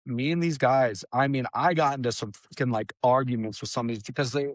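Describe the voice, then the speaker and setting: A young man hosting a podcast, telling rambling, profane stories about his trucking job in a casual, animated way. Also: mid-range voice, a little fast, dry recording, studio quality. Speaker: podcast host. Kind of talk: casual storytelling chat.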